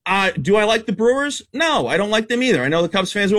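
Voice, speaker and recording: High-voiced man rattling off betting stats. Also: very animated, fairly bright tone. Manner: rapid stat-heavy, emphatic and blunt. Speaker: sports betting analyst. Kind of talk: radio sports betting talk.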